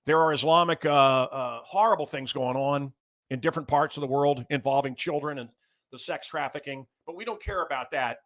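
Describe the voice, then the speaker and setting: A man's voice: on the high side, fairly bright tone. A middle-aged man hosting a show, delivering a blunt, combative political monologue with crude language. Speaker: show host.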